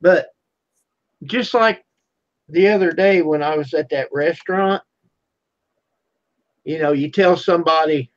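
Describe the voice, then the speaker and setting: A man with a slightly higher voice, chatting easily as a livestream guest. His audio comes through dull and lo-fi. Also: unhurried, long pauses. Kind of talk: casual chat.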